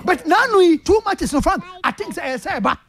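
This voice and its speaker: High, lively Ghanaian football pundit. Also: brisk. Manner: passionate, repetitive, keeps addressing the host by name. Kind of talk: sports talk discussion.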